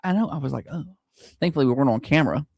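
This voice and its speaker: A man's voice: medium pitch, animated, racing, vocal fry, a little mellow, slightly rough, no room sound. A man co-hosting a radio morning show, chatting and teasing his co-host, laughing often. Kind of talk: casual banter.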